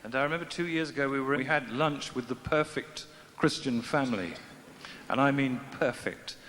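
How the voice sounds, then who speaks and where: A man's voice: medium pitch, normal speed, fairly bright tone, slight background noise. A middle-aged man giving a dry, self-mocking comic talk to a live audience on a stage microphone. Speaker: comic speaker. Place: large festival venue with audience. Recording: echoey hall, faint ambience.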